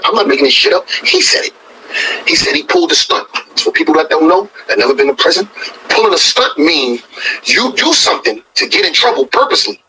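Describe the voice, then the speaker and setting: A man's voice: a little high, pushed and bright, a little hiss or hum, rough recording. A man hosting a reaction video, telling a story in blunt, profane, scoffing casual commentary.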